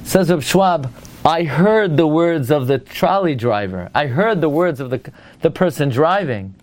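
A rabbi with a high-pitched voice gives a lively Torah lecture at a measured pace, telling a story emphatically. He puts pointed rhetorical questions to his listeners and weaves Hebrew and Yiddish terms into his English.

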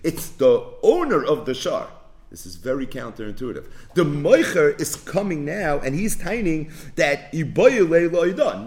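A man teaching a religious text, animated and full of rhetorical questions, acting out both sides of an argument. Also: on the high side, measured pace. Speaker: Talmud teacher. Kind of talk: explaining a text in a class.

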